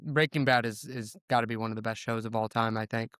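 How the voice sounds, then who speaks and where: A man's voice: medium pitch, fairly even intonation, quick pace, a bit bright, clean tone, dry recording, studio quality. A man, a former teacher, chatting casually as a guest and laughing often as he rambles. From Indiana, USA. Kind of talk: casual chat.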